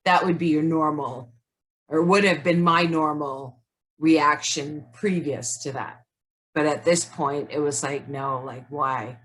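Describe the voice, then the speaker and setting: A woman's voice: low-pitched, steady tone, measured pace. A woman co-hosting a casual self-help chat over a video call, reflective and searching, leaning on "like" as she thinks aloud. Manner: reflective, says "like" often. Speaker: co-host.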